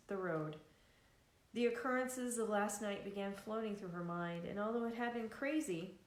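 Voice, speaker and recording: A woman reading her own novel aloud in an easygoing way, now and then restarting a word. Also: medium pitch. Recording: echoey room.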